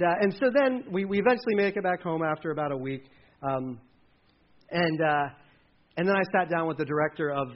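A man in his forties delivers a sermon as a meandering personal story. His voice sits a little high, and he keeps stopping to correct himself before acting out what people said. The recording sounds dull and lo-fi. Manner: rambling, self-correcting, acts out quotes with raised voice.

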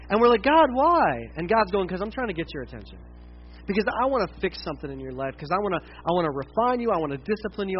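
A middle-aged American man preaching a conversational sermon as pastor, animated and loud at times, dropping to quiet asides. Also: high voice, highs cut off, a little hiss or hum. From United States.

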